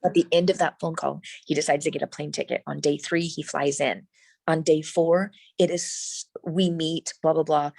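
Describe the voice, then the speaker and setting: A middle-aged woman, a guest in an interview, telling a personal story in an animated, emphatic way with frequent restarts. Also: sits low, moderate pace, vocal fry, dry recording, rough recording.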